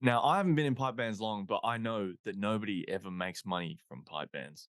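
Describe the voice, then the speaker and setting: A man's voice: on the low side, brisk, fairly bright tone, no room sound. A Scottish man co-hosting a podcast in casual chat, throwing in dry quips and laughing often. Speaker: podcast co-host.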